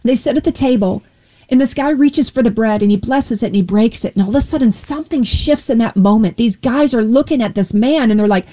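A woman's voice: a little high, animated, fairly quick, dark tone, rough recording. A woman giving an earnest faith testimony and retelling a Bible story, acting out the voices of its people. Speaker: guest sharing her faith testimony.

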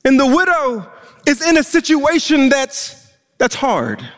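High-voiced preacher in a reverberant hall. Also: male voice, huge pitch swings, unhurried. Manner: impassioned preaching, repeats words when pressing a point. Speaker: pastor. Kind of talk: sermon. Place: church stage.

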